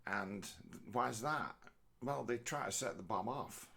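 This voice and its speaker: A man's voice: medium pitch, takes it slowly, gravelly, sharp tone, husky. A middle-aged man telling a rambling, sweary comic monologue, breaking into mocking voices. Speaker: comedian. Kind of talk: rambling stand-up style monologue.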